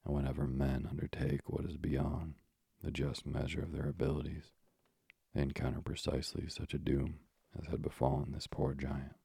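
A man narrating a classic storybook in a measured, old-fashioned way, pausing for moralizing asides. His voice is extremely deep and dark, with heavy fry, and it barely rises or falls. The recording is close and dry. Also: little pitch movement, dry recording.

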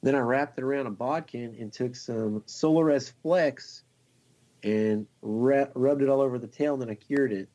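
A man, a fly tier, telling a long story in a casual, excited, rambling way and laughing often. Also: medium pitch, moderate pace.

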